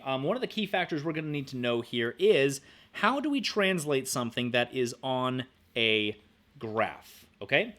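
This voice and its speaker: A young male math teacher walks through a screen-recorded lesson with a playful, upbeat manner. His voice sits a little high and moves animatedly, jumping around as he explains and hums to himself. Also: fairly bright tone. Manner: upbeat, playful, hums and says "boop" while working.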